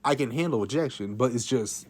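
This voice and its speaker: A man's voice: mid-range voice, fairly quick, a little hiss or hum. Man with a casual, rambling storytelling monologue, repeating lines and swearing.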